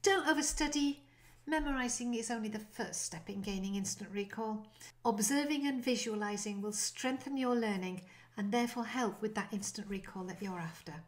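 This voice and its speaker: A woman with a fairly high voice leads an online language lesson at a normal pace. She's lively and encouraging as she demonstrates short French phrases.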